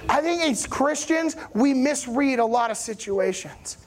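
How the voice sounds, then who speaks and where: A man preaching a conversational sermon as pastor in a church, keeping a chatty, animated tone and often checking that his congregation follows along. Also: very high-pitched, unhurried. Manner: animated, rising emphasis on key points.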